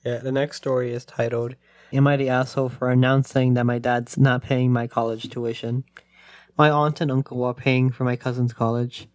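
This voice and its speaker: A man co-hosting a podcast, reading a story aloud in a plain, steady way. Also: medium pitch, moderate pace, no room sound. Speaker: podcast co-host.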